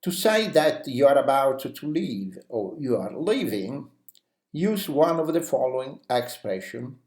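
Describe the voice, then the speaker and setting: In an echoey room, a slow-speaking male teacher gives an English lesson with a voice of medium pitch. He fills his speech with lots of "you know" and performs the example phrases in an animated way.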